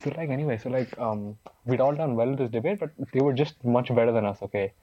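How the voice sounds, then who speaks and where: A man's voice: mid-range voice, fast talker. A young man from India co-hosting a podcast, chatting casually with friends and laughing a lot as he teases them. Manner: laughs often, slangy and teasing. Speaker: podcast co-host. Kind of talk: casual chat among friends. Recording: dull dry lo-fi sound.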